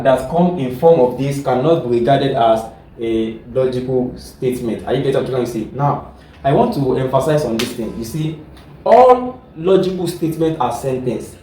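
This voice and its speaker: A man teaching logic in a mellow, mid-pitched voice, stopping again and again to check that his students follow. He is recorded in an echoey room from some distance away, with faint ambient noise behind him. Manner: repetitive, keeps checking understanding. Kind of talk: classroom lesson explaining logic.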